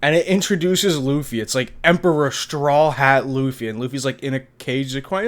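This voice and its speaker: A man's voice: mid-range voice, fairly quick, hardly any pauses. A young man in his twenties, casually talking through a manga chapter review in a loose, slangy, chatty way with casual swearing. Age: 20s. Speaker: anime review vlogger.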